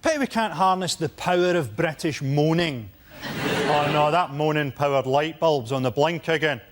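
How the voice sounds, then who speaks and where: A man's voice: on the high side, normal speed. A man on a comedy panel show telling wry, conversational jokes. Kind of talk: stand-up jokes.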